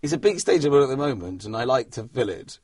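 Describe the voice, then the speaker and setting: A man talks in a loose, rambling way, poking fun at himself as an interview guest. His voice is a touch husky, recorded dry and close. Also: mid-range voice, very animated, quick pace, darkish tone, no room sound. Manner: rambling, self-deprecating, laughs often. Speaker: comedian guest. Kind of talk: casual interview chat.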